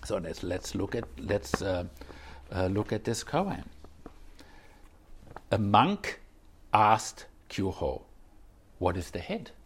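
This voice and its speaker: Guy giving a zen talk, gravelly and kinda husky, lots of "you know", rises and falls a lot. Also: lowish voice, expressive, slow pace, pauses often. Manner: thoughtful, circling, repeats phrases and fills with "you know". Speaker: Zen teacher. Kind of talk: dharma talk on a koan.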